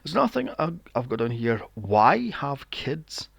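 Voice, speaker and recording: Guy on a movie podcast, gravelly voice that swings all over, keeps going "what the hell". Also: medium pitch, sing-song, moderate pace, no room sound. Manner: incredulous, swears freely, asks rhetorical questions. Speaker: podcast co-host. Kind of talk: casual film discussion.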